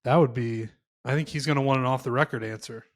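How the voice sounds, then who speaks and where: A young man co-hosting a golf podcast, telling stories in animated, casual chat with some swearing. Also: medium pitch, fast talker. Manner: animated storytelling, swearing, quotes himself. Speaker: podcast co-host.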